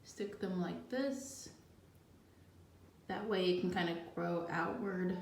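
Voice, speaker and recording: A woman's voice: fairly low pitch, steady tone, takes it slowly, pauses often. A woman hosting a gardening channel, chatting casually in her home kitchen and thinking aloud as she works. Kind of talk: casual how-to chat. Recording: echoey room with faint background noise.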